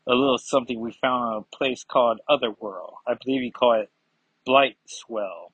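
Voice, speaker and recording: A man's voice: medium pitch, normal speed, a bit bright, breathy edge, dry recording, highs cut off. A man voicing a cruel, scheming woman villain with a put-on Scottish accent, taunting and threatening. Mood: gloating.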